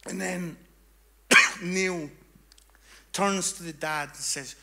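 A man preaching a sermon, telling a story and swinging from hushed tones to loud, fervent passages. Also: sits high, fairly even intonation, drawn-out words.

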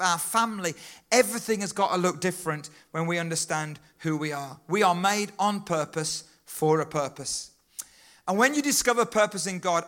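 Man preaching, middle-aged, high-pitched, bright voice, emphatic, repeats phrases. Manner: emphatic, repeats key phrases, rhythmic lists. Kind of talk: sermon.

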